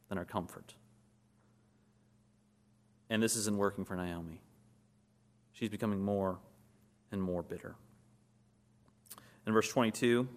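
Male pastor, low-pitched, sermon delivery with rhetorical questions and emphatic builds.

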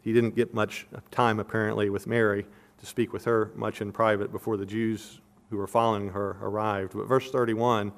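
A man's voice: lowish voice, little pitch movement, moderate pace. A man giving an expository sermon, earnest and emphatic, repeating his questions for stress and explaining verses and verb tenses like a teacher. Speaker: preacher.

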